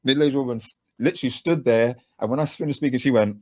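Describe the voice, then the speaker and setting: A man with a British accent, a guest in a casual interview, telling animated stories with frequent asides. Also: mid-range voice, quick pace, dry recording. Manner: animated anecdotes with lively asides and laughs. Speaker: guest, music producer and voice actor.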